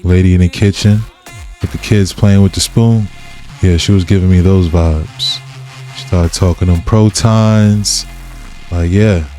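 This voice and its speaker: A man's voice: low voice, fairly even intonation, a little slow, warm tone, soft background music. A man hosting a reaction channel, commenting casually with laid-back slang.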